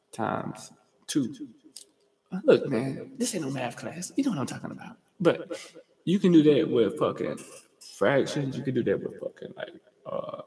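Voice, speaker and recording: A young man from Georgia hosting a livestream, telling rambling, profane stories in slangy, fast casual talk. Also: mid-range voice, vocal fry, darkish tone. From US state of Georgia. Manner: fast talker. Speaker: livestream host. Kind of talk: casual storytelling monologue. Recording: roomy with long reverb.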